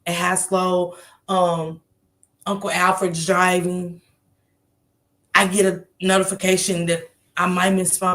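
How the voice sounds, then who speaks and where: A woman streamer telling a story to her viewers in a casual, animated way, swearing freely and laughing often. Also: on the low side. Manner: animated, profane, laughs often, acts out others' lines. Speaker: livestream host telling a story.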